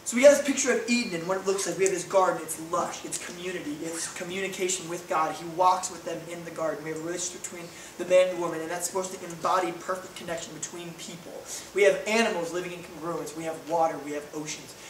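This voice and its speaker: A man's voice: high voice, fast, few pauses, a little hiss or hum. A man preaching a sermon as pastor, telling stories with playful voiced asides. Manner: animated storytelling with voiced asides. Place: church hall. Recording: echoey hall from far off.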